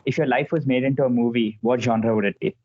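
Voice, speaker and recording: A man hosting a casual podcast, relaxed, asking quick questions and laughing often. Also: mid-range voice, highs cut off. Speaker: podcast host.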